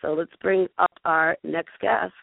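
A woman's voice: fairly low pitch, fairly even intonation, unhurried, gravelly, dry recording. Woman host, gushy chatty delivery, stumbles and restarts, thin phone-line sound, dry. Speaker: show host. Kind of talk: casual live call-in show chat.

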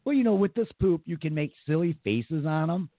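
A man's voice: fairly high pitch, animated, a little fast, dry recording, phone-quality sound. A man hosting a radio talk show in casual, joking chat, often laughing and mocking.

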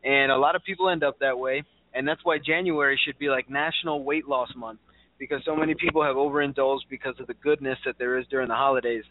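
A man's voice: mid-range voice, fairly even intonation, fast. A man hosting a casual talk show, chatty and upbeat. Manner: chatty, upbeat, many fillers and restarts. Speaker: show host. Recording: dry, tinny phone-like line.

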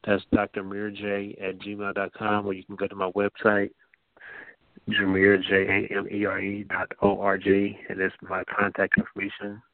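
Male teacher-host, low-ish, halting and soft-spoken, over a dry phone line. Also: monotone, no room sound. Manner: soft-spoken, halting, with frequent restarts and laughs.

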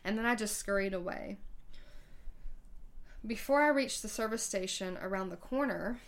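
Woman podcast host, storytelling, conversational, mid-pitched voice, stumbles through quoted dialogue. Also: normal speed. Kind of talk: personal storytelling.

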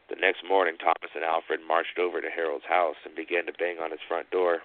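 A man with a low voice narrates a spooky tale, pausing slowly and dramatically between phrases. The sound is thin and narrow, like a phone line. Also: little pitch movement. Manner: slow, dramatic pauses. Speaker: storyteller host.

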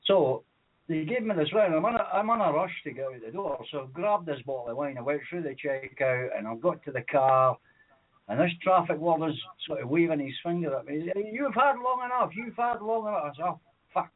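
A man's voice: a little high, brisk, slightly rough. Man calling in, tinny phone line. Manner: rambling, chuckling, frequent uh fillers. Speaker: caller. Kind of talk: casual call-in storytelling.

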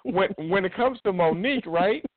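A man with a high-pitched voice co-hosts a radio talk show, speaking at normal speed and telling stories in casual conversation. He's an expressive storyteller who acts out what others said and restarts often. The audio is tinny and phone-like, with no echo.

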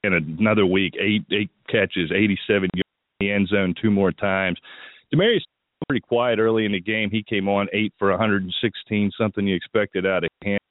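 A man's voice: on the low side, a little fast, no echo. A man hosting a fantasy football radio show, giving opinionated player advice in a casual talk-radio style with a bit of morning voice. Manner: opinionated, thinks aloud with restarts. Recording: tinny phone-line sound, dry.

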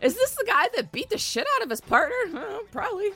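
A woman co-hosting a reaction show, talking in a casual, profane way. Her voice moves a lot in pitch as she reacts with disbelief. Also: quick pace, soft background music. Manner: expressive, profane, incredulous. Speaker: co-host.

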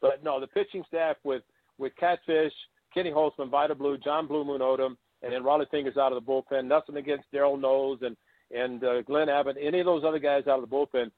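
A man's voice: mid-range voice, steady tone, fairly quick, no room sound. An older man, a former ballplayer and guest on an interview show, telling long anecdotes and acting out the people he quotes. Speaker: guest, former baseball catcher. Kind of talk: storytelling interview. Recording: tinny phone-like line.

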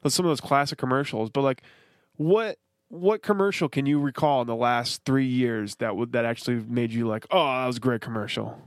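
A man co-hosting a podcast in casual chat, rambling and animated, swearing often. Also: mid-range voice, fairly quick, no room sound, clean studio sound. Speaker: podcast co-host.

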